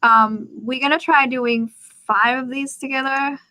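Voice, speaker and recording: A woman whose first language is Thai, teaching tones to a student over a video call, patient and coaching, with sudden high jumps in her demonstrations. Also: steady tone, a little slow, bright, forceful tone. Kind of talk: live online lesson.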